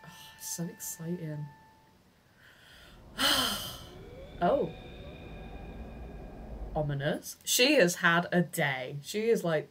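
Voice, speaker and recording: A woman streaming a video game live, reacting in an excitable, giggly way and cheering the character on. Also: on the low side, very slow, pauses often, a little hiss or hum. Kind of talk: live gameplay commentary.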